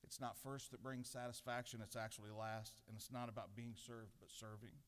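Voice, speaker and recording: Speaking briskly in a fairly low, steady voice, a middle-aged man preaches an earnest devotional at a podium, blending humble, self-mocking anecdotes with a call to spiritual growth. Long reverb fills the large legislative chamber where he stands.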